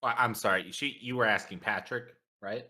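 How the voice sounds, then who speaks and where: A man's voice: lowish voice, steady tone, moderate pace, a crowd in the background. A man playing in a tabletop game, chatting casually and hesitantly, often restarting his words. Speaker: player.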